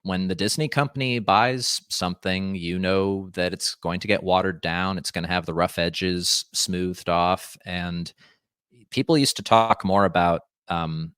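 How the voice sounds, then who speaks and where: Guest: man, low resonant voice, rambling and reflective, dry room. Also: fairly even intonation, a little slow, a bit bright, clean tone, no room sound. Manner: rambling, thoughtful, restarts and fillers. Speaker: podcast guest. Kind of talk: casual conversation.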